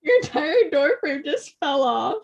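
A woman's voice: high-pitched, very animated, a little slow, vocal fry, dry recording, muffled recording. A young woman co-hosting a podcast in casual chat, blunt and teasing, swearing freely. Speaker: podcast co-host.

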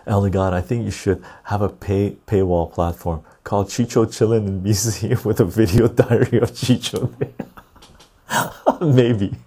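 A man with a low, gravelly voice hosts a podcast and chats loosely with his viewers. His voice is dark and husky, and he rambles in quick bursts with frequent laughs. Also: fairly even intonation. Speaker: podcast host. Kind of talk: casual chat, reading viewer comments.

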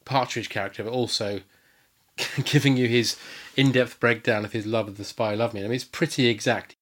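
A man's voice: mid-range voice, fairly even intonation, normal speed, a bit bright, a little hiss or hum. A man chatting as a podcast guest, enthusiastic and rambling, with lots of fillers and restarts. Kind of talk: casual chat.

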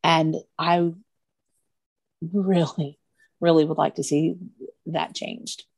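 Middle-aged woman guest, earnest and emotional, halting storytelling, with a dark and gravelly voice. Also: sits low, little pitch movement, no echo. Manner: earnest, emotional, pauses and restarts. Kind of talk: personal storytelling.

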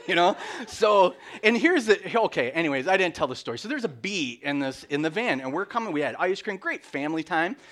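A man's voice: a little high, sharp tone. A middle-aged man giving a candid, self-deprecating personal testimony in church, full of restarts and little laughs. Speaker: lay speaker.

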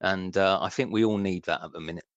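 A man's voice: low-pitched, steady tone, fast talker, no echo, highs cut off. A man in his thirties with a West Country accent, a book author talking eagerly and chattily as a radio interview guest, often restarting his words. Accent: West Country English. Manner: enthusiastic, chatty, with frequent restarts. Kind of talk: radio interview, casual chat.

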